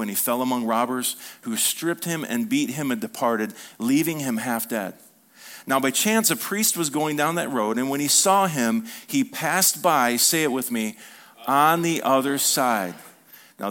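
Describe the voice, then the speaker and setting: A male pastor of medium pitch preaches animatedly to a congregation, performing quoted lines and calling out for their responses.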